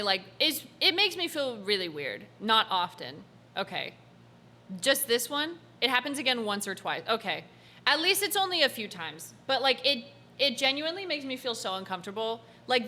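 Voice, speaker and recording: A young American woman chatting through a game stream, animated and giggly and full of "like". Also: on the high side. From United States. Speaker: gaming streamer. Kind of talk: casual gameplay commentary. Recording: game music in the background. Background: game music.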